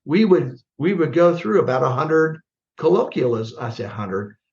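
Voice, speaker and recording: Older man, from the midwest, retired general as podcast guest, animated anecdotes, muffled call audio. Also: on the high side, moderate pace. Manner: plainspoken, animated storyteller who acts out remembered dialogue. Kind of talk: conversational storytelling on a podcast.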